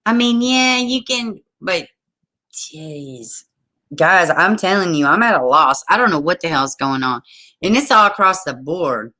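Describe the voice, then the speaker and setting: A woman hosts a casual livestream from home and chats straight to her viewers. Her voice is bright and forceful but sits low. She reads news items aloud and breaks in with exasperated, animated asides. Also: unhurried. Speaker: livestream host. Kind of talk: casual news commentary to a live chat.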